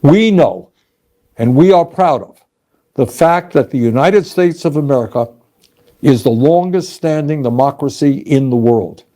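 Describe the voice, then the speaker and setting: A man's voice: mid-range voice, lively intonation, a little slow, warm tone. An older man giving a formal, emphatic political speech.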